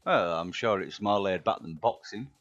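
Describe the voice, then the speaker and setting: A middle-aged man speaks in a rough Yorkshire accent, his voice sitting low. He chats easily and banters with viewers as he paints miniatures on a live stream. The audio is dull and lo-fi, with faint music in the background. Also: moderate pace, a bit bright. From England. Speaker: live-stream hobby host.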